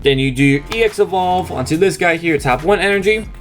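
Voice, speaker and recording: A man's voice: fairly high pitch, lively intonation, a little fast, faint music behind. A young man hosting a card game channel, chatting casually and explaining a deck step by step in an upbeat, talkative way. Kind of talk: casual deck profile walkthrough.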